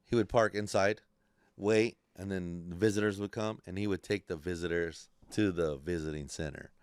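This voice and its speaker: Male podcast host, casual storyteller, lots of swearing, crisp tone. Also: sits low, moderate pace, no echo, clean studio sound. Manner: profane, rambling, animated storyteller.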